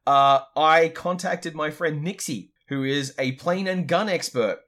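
A man's voice: a little high, unhurried, fairly bright tone. Offhand, dry-humored man chatting. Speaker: podcast co-host. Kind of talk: casual chat.

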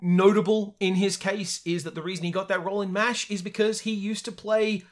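Aussie guy on a podcast, bit higher voice, rattling off trivia and laughing a lot. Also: flat delivery, fairly quick. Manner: chatty, trivia-laden, laughs often. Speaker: podcast co-host. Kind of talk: casual chat.

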